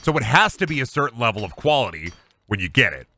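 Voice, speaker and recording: A man's voice: mid-range voice, sing-song, fast talker, sharp tone. A man streaming a game, chatting casually and ranting in a joking way with a lot of swearing. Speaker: gaming streamer. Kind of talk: casual live-stream chat.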